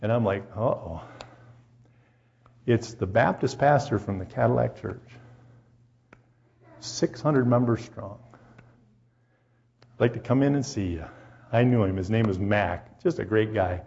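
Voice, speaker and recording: Man, church testimony, gravelly, mellow tone, animated storytelling, dull lo-fi recording. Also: fairly low pitch. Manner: animated storyteller, acting out quoted voices. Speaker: Christian radio station representative. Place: church service.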